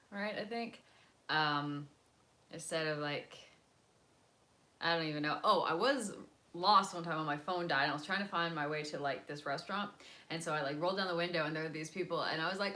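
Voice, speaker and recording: Young woman, from the US, casual livestream chat, rambling with fillers, lowish pitch, bright tone. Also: normal speed. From United States. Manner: rambling, many fillers, drifts between topics and languages. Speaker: livestreamer chatting with viewers.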